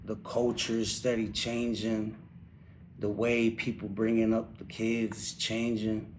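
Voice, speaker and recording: A young man giving candid personal testimony, speaking haltingly with restarts. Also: on the low side, completely flat delivery, a little hiss or hum. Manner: halting, restarts, quotes his past talks in a quieter voice. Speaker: interviewee, incarcerated man.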